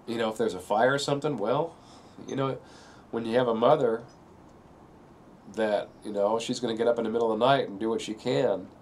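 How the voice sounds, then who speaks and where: Low-voiced man, rambling and emotional. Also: a little hiss or hum. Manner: rambling, fills pauses with "you know", strained and close to breaking down. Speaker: video speaker sharing a personal story. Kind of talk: emotional personal monologue.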